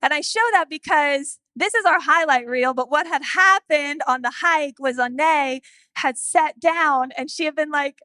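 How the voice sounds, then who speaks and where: A woman in her thirties preaching a sermon, telling a family story in an animated way and acting out the voices. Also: sits high, moderate pace, no room sound. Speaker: pastor.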